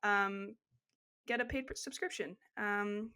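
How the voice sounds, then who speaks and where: Woman, young adult, podcast co-host, bright tone, chatty and rambling, medium pitch. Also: fairly even intonation, slow pace, clean tone. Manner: chatty, rambling with fillers and asides. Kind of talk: casual chat.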